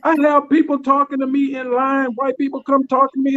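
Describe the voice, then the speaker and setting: A man's voice: very high-pitched, monotone, brisk, bright, forceful tone. A man joining a casual chat as a guest, incredulous and acting out exchanges with big jumps in his voice. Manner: incredulous, acts out exchanges with big vocal leaps. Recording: dry, dull lo-fi remote line.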